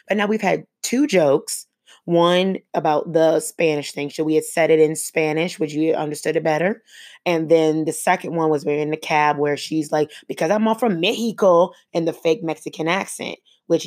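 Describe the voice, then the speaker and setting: A young woman with a low voice talks through her opinions on a solo podcast. She sounds emphatic and conversational, building her points with rhetorical questions and firm stresses. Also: darkish tone. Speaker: podcast host.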